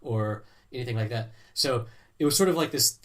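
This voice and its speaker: A man's voice: mid-range voice, brisk, fairly bright tone. A man hosting a podcast, talking casually in a rambling, chatty way. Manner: chatty, rambling, many restarts. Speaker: podcast host. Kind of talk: casual chat.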